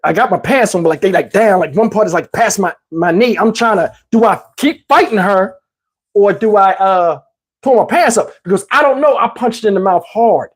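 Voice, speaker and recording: A man in his fifties hosting a livestream, telling a story casually and profanely, animated and rambling with many restarts. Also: high-pitched, normal speed, breathy edge. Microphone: wearing a microphone.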